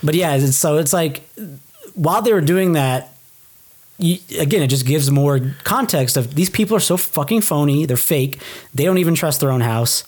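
With a slightly high voice at a moderate pace, this male podcast co-host chats casually about a TV show. He recaps the episode with animation and acts out the characters' dialogue.

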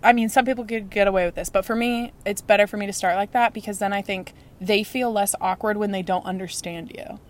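A young woman guesting on a relaxed podcast, speaking in a middle-range voice. She tells her stories with energy and acts out other people's reactions in quick quoted bits. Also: medium pitch. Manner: animated storyteller, acts out other people's lines. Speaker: interview guest. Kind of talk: casual podcast interview.

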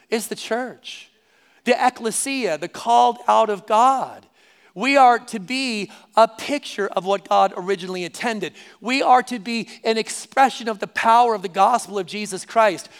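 A man's voice: sits high, clear, resonant tone. A man preaching a sermon to his church, speaking conversationally and repeating key phrases for emphasis. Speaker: pastor. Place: church service.

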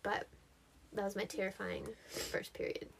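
A young woman with a medium-pitched, husky voice and some vocal fry speaks unhurriedly as she co-hosts a podcast. Chatting casually, she's an animated storyteller who laughs often and acts out the quotes.

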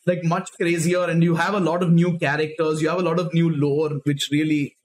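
A man co-hosting a podcast, retelling a story in a casual, excited, swearing chat. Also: a little high, fairly quick. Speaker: podcast co-host.

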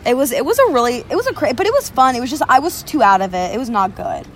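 A young woman rattles through a casual chat at a quick clip, her voice sitting a little high. She rambles, swears freely and fills almost every phrase with "like." A faint hiss sits under her voice. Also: big pitch swings. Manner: rambling, heavy use of "like", frequent swearing. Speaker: podcast co-host.

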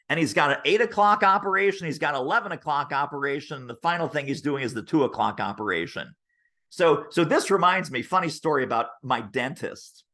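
A man talking as a sales expert on a podcast interview over a video call, telling stories and acting out the voices of the people in them. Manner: lively, acts out quoted voices with big pitch jumps. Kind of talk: animated interview storytelling.

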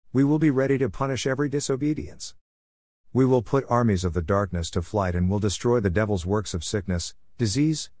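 A man's voice: fairly low pitch, a little mellow, no echo. A man reading a devotional teaching aloud in an earnest, emphatic preaching cadence. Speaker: devotional writer and reader.

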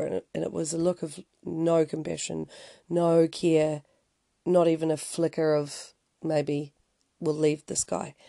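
A man hosts a casual storytelling podcast, recounting events in a loose, conversational flow full of restarts and fillers. His voice is warm and mellow, dropping in dry, wry asides. The close mic gives a dry, intimate sound with no room around it. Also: fairly high pitch, gravelly, no echo. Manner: conversational, rambling, frequent restarts and "you know". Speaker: podcast host.

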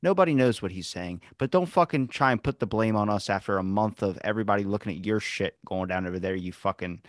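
A man's voice: on the low side, fast, no echo, clean studio sound. Rambling, profane male podcast host. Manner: rambling, profane, animated storytelling. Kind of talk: casual podcast chat.

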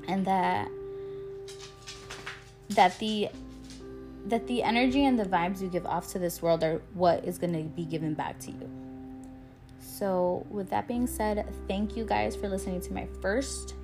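A woman's voice: mid-range voice, fairly even intonation, measured pace, long pauses, over music. Candid young woman talking through tears. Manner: candid and emotional, swears freely, laughs often. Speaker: podcast host. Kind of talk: casual personal monologue.

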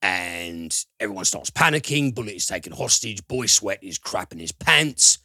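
A very deep-voiced man with a forceful, bright edge talks through a film plot. He rambles with plenty of fillers and drops swear words as he retells the scenes. The sound is close and dry. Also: expressive, normal speed, no room sound. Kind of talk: casual film review chat.

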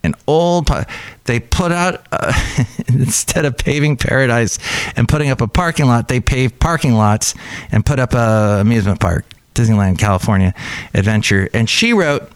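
A man hosting a casual solo podcast, rambling and chatty with excitable jumps in his voice. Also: medium pitch, moderate pace, clear, resonant tone, dry recording. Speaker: podcast host. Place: cafe.

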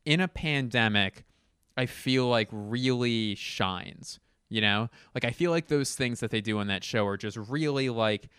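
A man hosting a podcast, doing a casual comedic monologue. He rambles and swears, interrupts himself, and jumps into sudden animated exclamations. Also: medium pitch, unhurried, clear, resonant tone, no echo, studio quality. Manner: rambling, profane, self-interrupting rant.

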